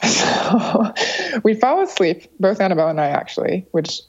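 Young woman telling a lively travel story. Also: quick pace. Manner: animated, acts out quoted voices with higher pitch. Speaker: guest storyteller. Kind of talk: casual storytelling. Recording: slightly dull lo-fi sound.

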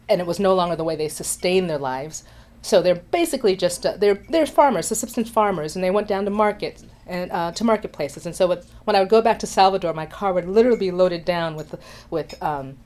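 A woman telling a personal travel story in an animated way, acting out voices and laughing along. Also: fairly low pitch. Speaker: storyteller sharing a travel memory.

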